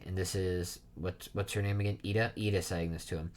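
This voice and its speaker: Male host, lowish voice, casual read-along with asides. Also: steady tone, brisk, a little mellow. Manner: reads aloud, stops to comment and guess. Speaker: reaction video host. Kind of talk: casual reading and reaction.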